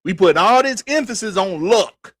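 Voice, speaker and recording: High-voiced man on a profane sports rant. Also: lively intonation, moderate pace, dry recording. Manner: profane, emphatic, repetitive ranting. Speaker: podcast host.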